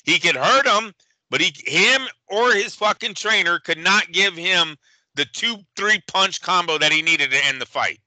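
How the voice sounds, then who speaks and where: A man's voice: high-pitched, animated, pushed and bright, no room sound, low-quality recording. A man co-hosting a boxing podcast, giving emphatic, profane fight analysis in casual chat. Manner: emphatic, profane, rapid-fire opinions.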